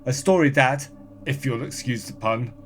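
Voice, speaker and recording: A man chatting as a podcast guest, reading out listener comments in a brisk, offhand way. His voice sits at an ordinary middle pitch, and his delivery stays dry. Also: slight background noise. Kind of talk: casual chat, reading listener comments aloud.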